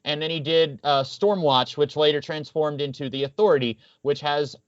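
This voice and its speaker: A man's voice: on the high side, fairly even intonation, normal speed, dry recording. Chatty, wry man with a raised voice. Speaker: podcast co-host. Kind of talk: casual podcast chat. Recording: dull, dry lo-fi audio.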